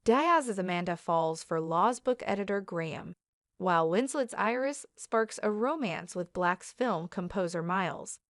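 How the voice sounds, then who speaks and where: A woman narrating a scripted entertainment news piece in an even, read-aloud delivery. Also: mid-range voice, a little slow, no room sound, studio quality.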